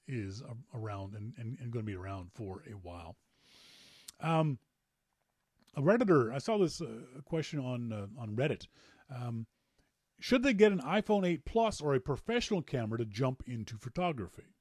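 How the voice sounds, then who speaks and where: Man, podcast host, casual chat, rambling, jokey, lively pitch, dry close mic. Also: no echo. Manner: animated, rambling, repeats words, jokey.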